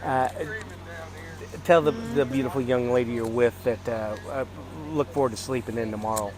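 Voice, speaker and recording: A man's voice: mid-range voice, fairly even intonation, normal speed, crowd noise. A man casually commentating a live stream outdoors at a golf course at night, chatty and rambling with lots of fillers. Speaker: livestream commentator.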